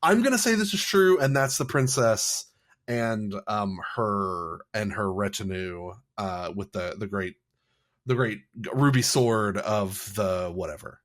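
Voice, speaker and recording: A man's voice: fairly low pitch, measured pace, fairly bright tone. A man co-hosting a podcast, chatting casually in a playful, rambling way with lots of fillers. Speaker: podcast co-host. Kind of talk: casual chat.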